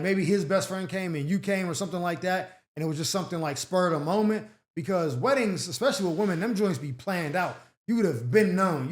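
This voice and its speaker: A man with a high voice gives casual advice on listener letters. He is blunt and slangy and reacts in an animated way. The room sounds echoey. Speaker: advice show host.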